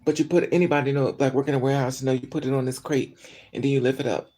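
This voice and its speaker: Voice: medium pitch, fairly even intonation, very fast, mellow. Upset vlogger ranting to the camera, cursing a lot, lots of um and uh, cried out all day. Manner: angry, profane venting with frequent fillers. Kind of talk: emotional monologue to camera.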